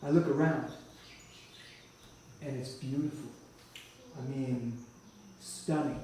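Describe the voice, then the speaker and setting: A man's voice: medium pitch, slow pace, a little hiss or hum. Man, church testimony, vivid storytelling, restarts phrases, heavy room echo, far from the mic. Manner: vivid, animated storyteller who often restarts. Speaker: church speaker giving a testimony. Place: church hall. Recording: echoey church hall from far off.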